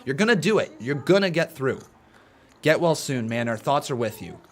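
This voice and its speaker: A man's voice: medium pitch, very animated, normal speed. A man hosting a live watch-along stream in a casual, chatty way, greeting viewers by name and talking to them in an earnest, encouraging tone.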